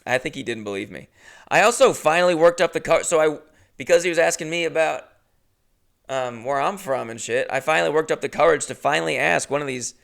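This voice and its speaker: A young man hosting a podcast, telling a comedic story in a rambling, profane, animated way. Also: mid-range voice, vocal fry. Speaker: podcast host.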